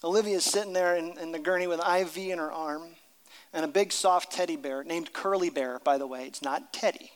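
A pastor preaching a sermon, telling a story and dropping to a hushed voice at tender moments. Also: male voice, fairly high pitch, a little fast, long reverb tail.

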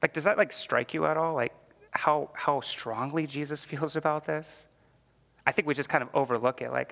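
A man's voice: on the high side, fairly even intonation, normal speed, vocal fry, a bit bright, long reverb tail. A man teaching a church Bible class in a conversational way, full of "like" fillers and questions to the class.

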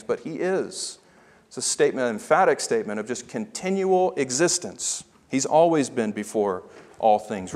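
Emphatic preacher in a reverberant hall. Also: male voice, on the high side. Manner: emphatic preaching, slowing down to stress key phrases. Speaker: pastor. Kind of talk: sermon.

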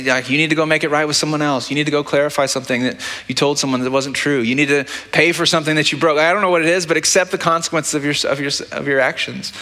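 This pastor's voice is bright and forceful, pitched a little high. He delivers his sermon in a practical, conversational manner, frequently checking in with listeners by asking "right?" Long reverb from the church hall surrounds him.

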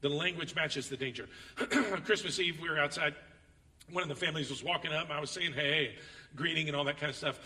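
A man preaching a sermon as pastor, reading scripture dramatically and telling stories with animated, acted-out quotes. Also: fairly high pitch, fairly quick, long reverb tail, far from the mic.

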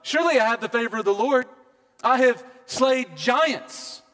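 A man's voice: extremely high pitch, moderate pace, fairly bright tone, in a large hall, voice pushed up. A man playing a boastful warrior king. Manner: proud, boasting. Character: boastful victorious ancient king, proud warrior.

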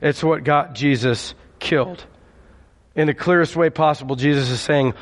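A man's voice: on the high side, moderate pace, big-room sound. A male pastor preaching a conversational sermon and calling on his congregation for responses. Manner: conversational, calls for audience response.

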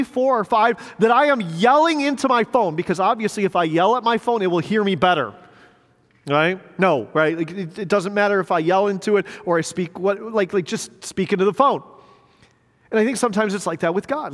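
A man's voice: high voice, a bit bright, big-room sound. A middle-aged male pastor preaching a sermon in a church, in a conversational way with rhetorical questions and repeated words. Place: church sanctuary.

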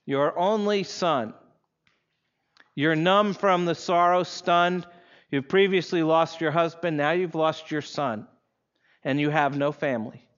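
A man's voice: high-pitched, fairly bright tone, clean tone, lo-fi sound. A male pastor preaching a sermon, telling a story vividly in the second person and leading the congregation through readings aloud.

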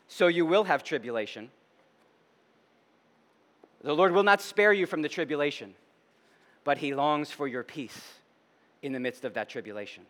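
A middle-aged male pastor preaching a sermon, moving between loud emphatic declarations and hushed reflection, with conversational asides. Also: fairly high pitch, animated, normal speed, long pauses, in a large hall. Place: church sanctuary.

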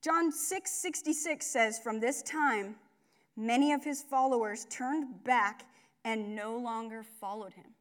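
This is a laid-back, conversational sermon from a young woman speaking at a church gathering. Her pitch is high, and she often pauses on fillers, wanders into asides and corrects herself on the fly.

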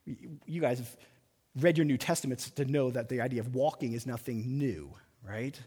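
Man, pastor, emphatic sermon, husky, long hall reverb. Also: medium pitch. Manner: animated preaching with dramatic pauses and emphatic single words. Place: large church hall. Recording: reverberant sanctuary sound.

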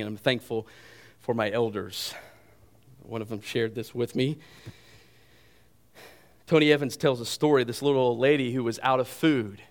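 A man delivering a lively sermon to his congregation. He retells the scripture story with plenty of energy and playful asides, and his voice sits at a middle pitch. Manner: storytelling, animated, adds humor. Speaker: pastor.

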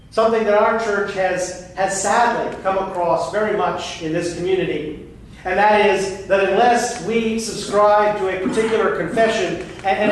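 A man, a pastor, preaching an earnest, emphatic sermon with frequent restarts. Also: high voice. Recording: very echoey room, voice far from the mic, faint noise.

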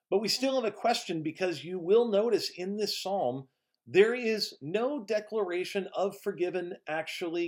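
A man pastor giving a slow, emphatic devotional sermon, rising to stress key words and dropping softly at phrase ends. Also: medium pitch.

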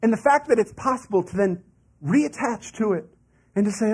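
A man's voice: high-pitched, lively intonation, measured pace, a little mellow, breathy edge. A man preaching a sermon as a pastor in a conversational way, with asides and laughs.

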